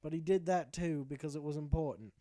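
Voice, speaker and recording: High-voiced man mock-narrating a game. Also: brisk, warm tone, dry recording. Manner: jokey, profane, mock-epic storytelling. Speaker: gamer narrating his playthrough. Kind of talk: comedic game commentary told as a tale.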